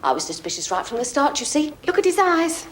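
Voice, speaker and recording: A woman's voice: high-pitched, big pitch swings, a little fast. An actress playing a suspicious, chatty landlady, speaking. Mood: indignant. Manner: indignant, chatty. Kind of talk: television drama acting.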